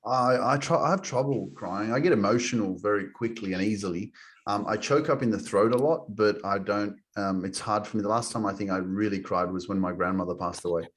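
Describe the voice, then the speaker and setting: Podcast host guy, lowish voice, reflective and open, lots of um and man. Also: fairly quick. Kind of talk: casual podcast chat.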